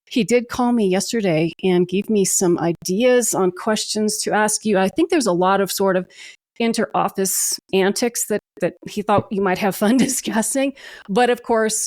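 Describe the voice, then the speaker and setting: A woman's voice: medium pitch, measured pace, darkish tone, no echo, clean studio sound. A woman hosting a podcast interview, giving chatty, friendly introductions. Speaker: podcast host.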